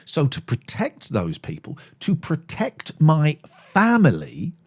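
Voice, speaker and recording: A middle-aged man, hosting a live phone-in show, blunt and sweary, given to loud angry rants. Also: a little high, wildly swooping pitch, takes it slowly, husky. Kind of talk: live-streamed phone-in talk.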